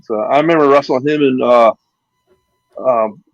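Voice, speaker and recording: Veteran male wrestler spinning loose anecdotes; gravelly, dry, slightly muffled recording. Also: medium pitch, measured pace, no room sound. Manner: rambling anecdotes with acted-out quotes and laughs. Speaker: retired pro wrestler, guest. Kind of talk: casual storytelling interview.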